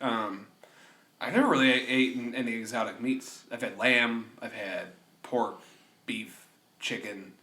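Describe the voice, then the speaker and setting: A man co-hosting a podcast, loud and crude, often bursting into laughter. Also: mid-range voice, measured pace, echoey room. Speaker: podcast co-host. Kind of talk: crude comedic banter.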